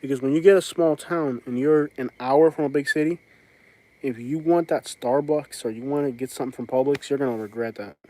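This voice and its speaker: A man's voice: mid-range voice, a little fast, a little mellow. A man, chatting casually on a live stream from outdoors on his rural property, rambling with lots of fillers and restarts. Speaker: vlogger hosting a live stream.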